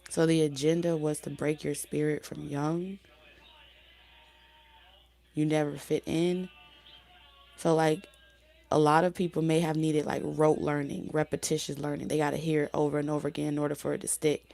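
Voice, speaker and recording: A woman giving a casual spoken tarot reading, talking loosely with many fillers and restarts, her voice going hoarse. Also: deep voice, steady tone, unhurried, long pauses, mellow, faint music behind. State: losing her voice. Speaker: tarot reader.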